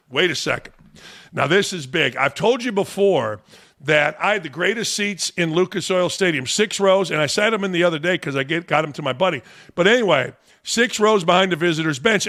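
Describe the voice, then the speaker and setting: A man's voice: a little high, moderate pace, sharp tone. A man hosting a sports talk show, giving blunt, combative opinions. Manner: blunt and combative, talks back to the audience.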